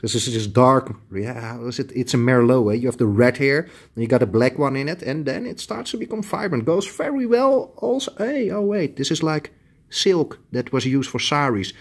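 A man's voice: medium pitch, expressive, moderate pace, slightly rough. A middle-aged man with a Dutch accent, a tailoring shop owner chatting bluntly as he shows fabrics to the camera. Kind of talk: casual product showcase.

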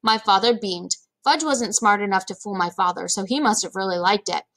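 A woman reading a children's chapter book aloud in a lively, expressive storytelling manner. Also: mid-range voice, a little fast. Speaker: read-aloud narrator.

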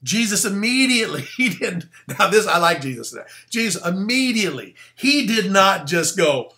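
A man, the pastor, giving a casual, animated sermon full of slang and asides. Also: high voice, moderate pace, hardly any pauses.

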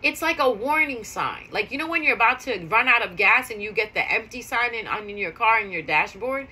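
A woman's voice: fairly high pitch, lively intonation, a little fast, bright, forceful tone, breathy edge, low-quality recording. A woman talking casually to viewers, telling stories in a chatty way and repeating key phrases for emphasis. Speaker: spiritual vlogger. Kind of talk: casual storytelling monologue.

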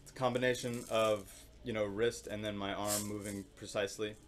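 A man's voice: fairly low pitch, fairly quick. Man teaching percussion, sung rhythm syllables. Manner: explains calmly, with sung rhythm syllables and many fillers. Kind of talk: instructional demonstration.

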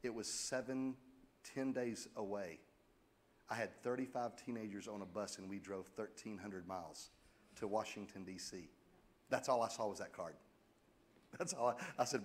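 A middle-aged American man preaching a sermon as pastor, animated and joking, with sudden loud exclamations. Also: fairly low pitch, normal speed. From United States.

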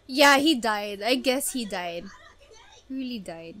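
A woman hosting an anime reaction video, talking casually and gushing with excited exclamations. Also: fairly high pitch, unhurried.

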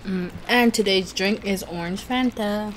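A woman's voice: medium pitch, slight background noise. A woman hosting a casual eating vlog, chatty and laughing often, tripping over her words a little. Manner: chatty, laughs often, self-conscious about talking fast. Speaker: food vlogger host. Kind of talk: casual mukbang chat.

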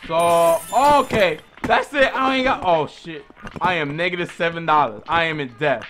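A man giving casual, excitable commentary on his own gameplay, often yelling orders at the game's characters. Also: fairly high pitch, moderate pace. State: out of breath. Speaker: gaming YouTuber. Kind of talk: casual let's play commentary. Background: game music.

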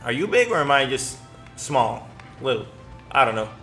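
Bright-voiced, excitable young man stammering. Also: mid-range voice, moderate pace, soft background music. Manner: excitable, stammering, swears a lot. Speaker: gaming commentator. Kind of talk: casual gameplay commentary.

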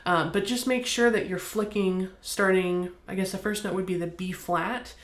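An American woman teaching bassoon, explaining in a friendly way and counting beats aloud. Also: steady tone, normal speed. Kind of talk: instructional demonstration. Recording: echoey room.

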